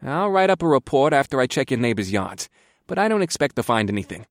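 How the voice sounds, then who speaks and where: A man's voice: mid-range voice, big pitch swings, quick pace, no room sound, studio quality, pitched above the performer's own voice. A man voicing a nervous, apologetic male health inspector who stammers when flustered.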